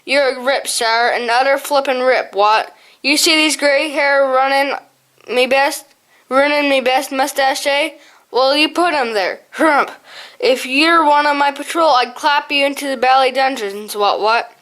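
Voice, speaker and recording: A woman's voice: sits high, unhurried, fairly bright tone. A woman voicing a blustering, harrumphing old male hare officer in an audiobook.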